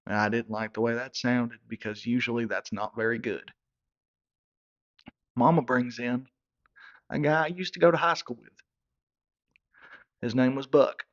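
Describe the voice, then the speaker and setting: A man's voice: medium pitch, steady tone, unhurried, pauses often. A man, telling a rambling comic story in character with stumbling repeats. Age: 30s. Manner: hillbilly drawl, stumbling repeats. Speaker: comedy character narrator. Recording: dull lo-fi recording.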